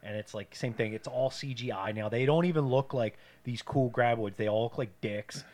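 A man's voice: mid-range voice, normal speed. Crude joking podcast guy. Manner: joking, crude, animated retelling with put-on voices. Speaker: podcast co-host. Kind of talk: casual movie-review chat.

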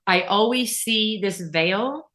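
A middle-aged woman telling a personal story as an interview guest, earnest and animated, often turning to the host. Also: medium pitch, slow pace.

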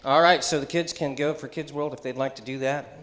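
A man's voice: mid-range voice, fairly even intonation, a little fast, a bit bright, echoey room. Chatty middle-aged male pastor preaching. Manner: chatty and joking, with asides and call-and-response. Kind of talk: conversational sermon. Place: church sanctuary.

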